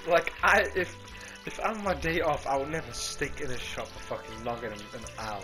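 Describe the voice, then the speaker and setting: A man's voice: medium pitch, normal speed, pushed and bright, faint music behind. A man, chatting casually and teasing his friend while they play video games. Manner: teasing and jokey. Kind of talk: casual chat during gaming.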